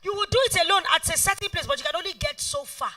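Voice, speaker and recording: A high, very bright woman's voice with a Nigerian accent, delivering a motivational talk. She is middle-aged and emphatic, leaning on repeated phrases, and she rises and falls widely in pitch. She is heard from some distance from the mic. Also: big pitch swings, quick pace, creaky. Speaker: event planner and guest speaker. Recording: voice heard from far off.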